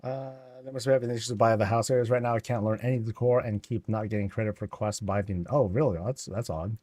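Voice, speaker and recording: A man's voice: lowish voice, steady tone, quick pace, mellow, dry recording. A man streaming a game, chatting casually and rambling with many fillers as he tours homes.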